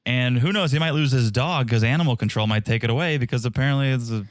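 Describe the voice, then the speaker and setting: A man's voice: mid-range voice, quick pace, dry recording, clean studio sound. A man co-hosting a podcast, wry and teasing in casual chat. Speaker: podcast co-host.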